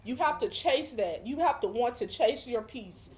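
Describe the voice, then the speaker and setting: A woman's voice: a little high, expressive, moderate pace, darkish tone. A woman guest giving a religious testimony, speaking emphatically with preacher-like repetition. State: emotional, near tears at times.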